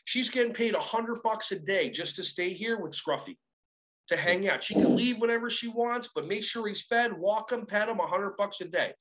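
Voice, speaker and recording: A man speaking as a motivational coach, telling lively stories and acting out both sides of the conversations in them. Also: high voice, normal speed, lo-fi sound. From Israel. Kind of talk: animated storytelling talk.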